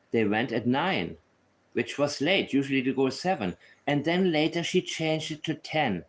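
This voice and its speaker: Brief: male commentator, blunt and opinionated, mid-pitched voice, talks off the cuff. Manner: blunt, opinionated, thinks aloud. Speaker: true crime commentator. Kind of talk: casual commentary.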